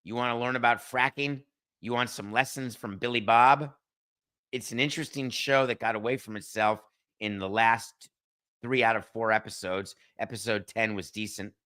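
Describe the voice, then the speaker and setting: Male podcast host, middle-aged, blunt solo commentary, bright and punchy tone. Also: mid-range voice, steady tone, moderate pace. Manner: blunt, sarcastic, talks straight to a producer. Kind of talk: opinionated solo sports and TV commentary.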